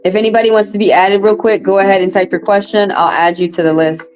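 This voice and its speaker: Woman, Southern US accent, tarot reader, casual live-stream chat, profane and animated, mid pitch, faint background music. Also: fast talker, rough recording. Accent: Southern US, Texas. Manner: chatty, profane, animated asides.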